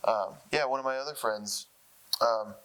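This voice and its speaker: A young man telling stories in a casual interview, laughing often and getting excited. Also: medium pitch, moderate pace, poor audio. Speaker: interview guest. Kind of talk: casual storytelling.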